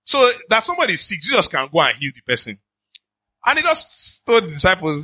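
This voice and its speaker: A pastor with a Nigerian accent preaching in an animated, conversational way, slipping into pidgin asides. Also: male voice, high voice, a little fast, dry recording. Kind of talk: sermon.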